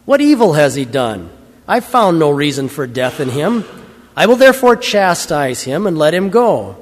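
A man's voice: on the high side, sing-song, moderate pace, big-room sound. A man reading the part of a weary, stern Roman governor, raising his voice in questions. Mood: questioning.

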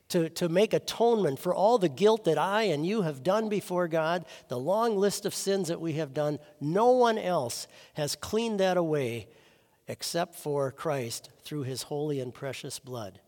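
A man's voice: lively intonation, unhurried. Earnest preaching man in a reverberant hall. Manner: earnest preaching, swings from loud emphasis to soft low phrases. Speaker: pastor. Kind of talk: sermon.

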